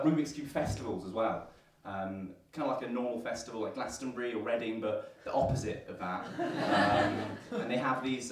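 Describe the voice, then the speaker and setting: A man's voice: mid-range voice, distant mic. A young man doing a stand-up comedy set at a student comedy night, with a dry, self-deprecating delivery full of ums and uhs. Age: young adult. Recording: echoey room taped from afar, audible noise. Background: audience laughter.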